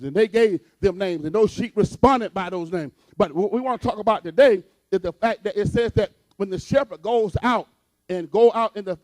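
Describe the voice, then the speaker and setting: A man's voice: sits high, a little mellow, no echo. A man preaching a sermon as pastor, with a repetitive cadence that builds to fervent emphasis.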